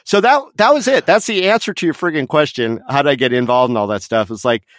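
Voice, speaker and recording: A man's voice: mid-range voice, fast, fairly bright tone, no echo, clean studio sound. A middle-aged man from Las Vegas, a podcast guest telling an anecdote in casual chat, laughing often and acting out the voices of others. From Las Vegas, USA.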